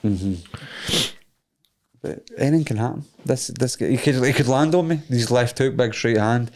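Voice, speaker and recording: A man's voice: mid-range voice, moderate pace, darkish tone. A young Scottish man co-hosting a podcast, bantering, laughing often and swearing freely. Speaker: podcast co-host and fighter. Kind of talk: casual chat.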